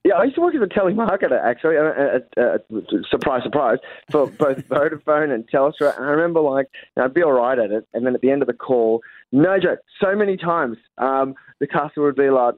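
Australian comedian guest on a phone line: lively storyteller, dry tinny sound. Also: male voice, mid-range voice, fairly quick, dry recording. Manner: animated storytelling, stammering restarts. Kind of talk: phone interview chat. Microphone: phone call.

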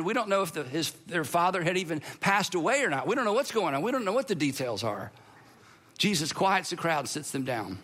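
Middle-aged male pastor, sermon delivery, high and bright, chatty and animated. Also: fairly quick. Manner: conversational, animated, acts out quoted voices.

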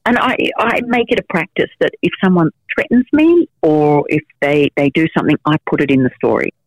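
A woman's voice: deep voice, animated, a little fast, no echo, poor audio. A middle-aged woman, a journalist telling frank stories in an interview, with lots of fillers and restarts. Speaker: investigative journalist, guest. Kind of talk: storytelling interview answers.

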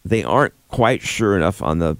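A man with a somewhat low voice that still swings widely in pitch runs a jokey news segment on a casual podcast. He delivers his gags deadpan, and the sound is dry and close. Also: moderate pace, dry recording.

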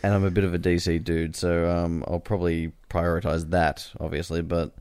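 Deep-voiced laid-back man. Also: flat delivery, moderate pace, a little mellow, clean tone, no room sound. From Australia. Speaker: podcast panelist. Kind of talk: casual podcast chat. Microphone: remote call mic.

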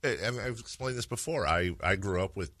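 A man in his forties from the Bay Area hosting sports talk radio, joking and quick to laugh as he chats. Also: fairly low pitch, animated, pushed and bright, dry recording. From San Francisco Bay Area. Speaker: radio sports show host.

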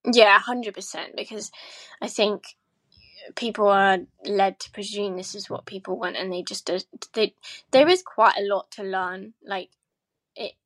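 A woman's voice: mid-range voice, steady tone, measured pace. A woman guest on a casual podcast, a sex educator speaking frankly and earnestly, with some hesitant restarts.

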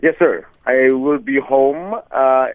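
A man's voice: medium pitch, slow, no room sound. A man in his thirties, an actor interviewed over the phone, talking in a playful, teasing way. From South Africa. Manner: playful and teasing, often laughing. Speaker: actor guest. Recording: tinny phone line.

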